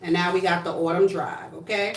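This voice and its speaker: A woman's voice: lowish voice, fairly even intonation, fairly quick, far from the mic, slight background noise. A woman from New Jersey chatting casually on a livestream, sassy and blunt with plenty of swearing. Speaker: livestream host. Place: home room, indoors. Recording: echoey room, voice from off-mic.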